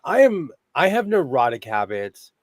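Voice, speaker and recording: A man's voice: fairly high pitch, very animated, moderate pace, no room sound. A man with a Minnesotan-sounding accent hosting a sewing channel livestream from his home sewing room, a chatty storyteller who laughs often. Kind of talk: casual livestream chat.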